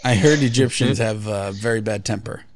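A man's voice: lowish voice, fairly even intonation, normal speed, no room sound. A man co-hosting a casual podcast chat, blunt and profane with strong opinions. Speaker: podcast co-host.

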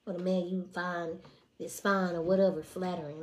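A woman in her twenties telling stories on a casual livestream, blunt and profane. She swings between hushed asides and loud, animated outbursts. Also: on the low side, normal speed. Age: 20s. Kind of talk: casual storytelling to a live audience.

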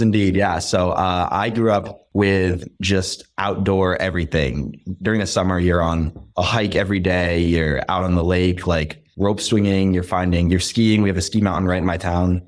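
A young man from Western Massachusetts, a guest in a casual interview, talking in a relaxed, rambling way with many repeats and fillers. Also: low voice. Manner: relaxed, rambling, repeats words and says "like" often.

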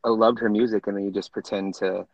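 Man, guest, campy drawl, fairly low voice, dry close sound. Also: flat delivery, quick pace, no echo, highs cut off. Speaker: podcast guest. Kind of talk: casual chat.

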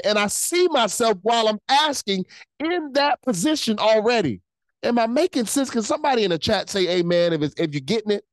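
A pastor preaching a livestreamed sermon, animated and repeating phrases for emphasis while calling out to the online chat. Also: mid-range voice, fairly quick, dry recording, poor audio.

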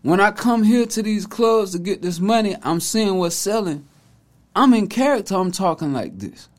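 Man playing a fired-up comedian: high, animated, emphatic. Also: moderate pace. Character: famous male comedian explaining his stage persona.

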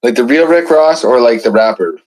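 A man's voice: mid-range voice, lively intonation, moderate pace, darkish tone, rough recording. A man hosting a podcast in easygoing casual chat, with short agreeing replies.

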